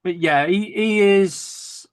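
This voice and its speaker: A man's voice: sits high, slow, clean tone, no room sound. Chatty northern English man. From Lancashire, England. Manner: chatty, laughs often, repeats and restarts. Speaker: podcast host. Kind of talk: casual chat.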